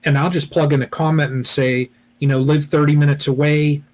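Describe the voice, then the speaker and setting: A man's voice: fairly high pitch, little pitch movement, brisk, a little mellow. A man from Ohio hosting a weekly beekeeping live chat, rambling casually with lots of "you know" and restarts.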